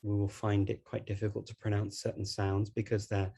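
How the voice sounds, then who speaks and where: A man's voice: fairly low pitch, completely flat delivery, fairly quick, creaky, dark tone, slightly rough. A man with a Scouse Liverpool accent, giving an online talk in a chatty way and laughing between points. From Liverpool, England. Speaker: guest speaker on language learning.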